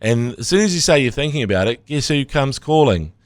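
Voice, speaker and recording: A man's voice: mid-range voice, animated, fairly quick, no room sound. A man co-hosting a sports podcast, chatting casually and animatedly, slipping into jokey mock voices. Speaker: podcast co-host. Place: studio.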